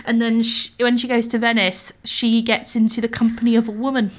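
A woman's voice: a little high, level tone, a little fast. A woman co-hosting a podcast in casual chat, blunt and full of crude jokes. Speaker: podcast co-host.

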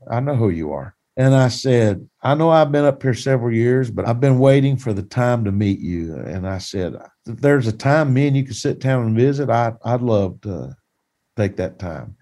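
A man's voice: medium pitch, lively intonation, moderate pace, mellow. A man who is a pastor, telling a personal testimony in a plain-spoken, folksy, earnest way.

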